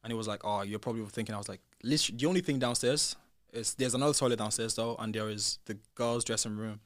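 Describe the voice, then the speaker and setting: Talking fast, a young British former reality contestant relives some drama as a podcast guest, voicing the quoted lines himself and raising his volume at heated moments. The chat is casual, his pitch fairly low, and the studio-quality audio has no echo.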